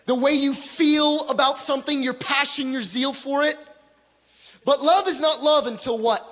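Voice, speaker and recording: A man preaching a sermon with passion, swinging from loud pleading to hushed tones, with joking asides. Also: extremely high pitch, fairly even intonation, normal speed. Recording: long hall reverb.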